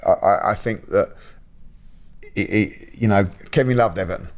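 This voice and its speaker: A man hosting a podcast, telling stories in a lively casual way, full of fillers and repeats. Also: fairly low pitch, normal speed. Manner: animated storyteller with many fillers and repeats. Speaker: podcast host. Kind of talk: casual chat, storytelling.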